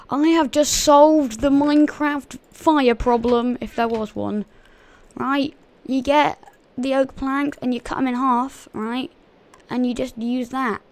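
A woman's voice: high voice, vocal fry. A woman hosting a gaming channel, giving casual, chatty gameplay commentary to her viewers and often giggling.

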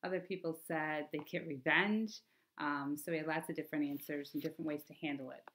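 A woman teacher reading a children's novel aloud to her class, expressive, with chatty asides to her listeners. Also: low voice, a little fast.

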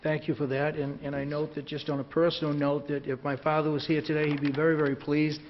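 A man with a cold-roughened, raspy voice leads formal proceedings in a council chamber. He speaks haltingly, with fillers and restarts. The recording sounds dull and carries a faint hiss. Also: on the high side, little pitch movement. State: hoarse from a cold. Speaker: council president running the ceremony.

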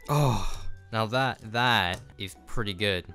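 A man's voice: on the low side, slow pace, bright, forceful tone, soft background music. A young man filming a casual vlog in his home kitchen on a phone, flustered and self-mocking as he swears through a build. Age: young adult. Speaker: YouTuber. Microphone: phone camera.

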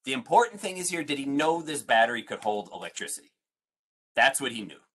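A man's voice: medium pitch, very animated, fairly quick, a bit bright. A man, a museum science educator, leading an online family science lesson, playful and full of questions for his audience.

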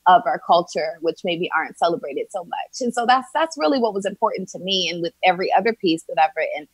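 A woman's voice: on the low side, expressive, fast talker, breathy edge, dry recording. A woman from Philadelphia, an actress and writer, talking earnestly in an interview and thinking aloud as she goes. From Philadelphia, USA. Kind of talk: interview conversation.

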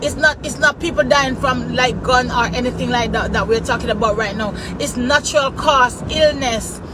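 Her voice sits a little high and moves at a moderate pace, with crowd noise audible. This Jamaican woman is live-streaming from her car in traffic, greeting viewers by name in patois-flavored casual chat over background road noise.

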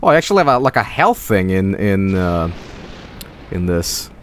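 A man's voice: low voice, big pitch swings, normal speed, a little hiss or hum. A young man giving casual live gameplay commentary, rambling and full of fillers. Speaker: streamer.

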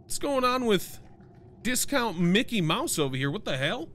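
A young man doing let's-play commentary for a horror game, joking and cursing and yelping when startled. His voice is high and bright with big swings in pitch. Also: normal speed, a little hiss or hum. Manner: jokey, profane, prone to excited yelps. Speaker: gaming streamer.

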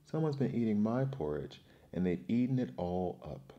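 A man voicing a small, tearful young male bear cub with whiny, sobbing squeaks, as whispered role-play in a bedtime story. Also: animated, normal speed, highs cut off, natural voice. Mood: upset.

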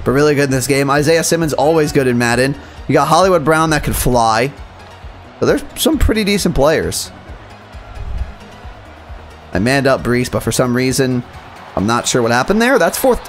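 A young man commentating his own video game match, muttering plays quietly and then yelling at the big moments. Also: on the high side. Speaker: gaming YouTuber. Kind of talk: live gameplay commentary.

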